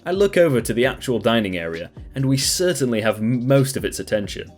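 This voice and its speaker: A man narrates a first-person story with an animated, rising and falling delivery. His pitch sits mid-range for a man. Faint music runs under the reading. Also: fairly quick.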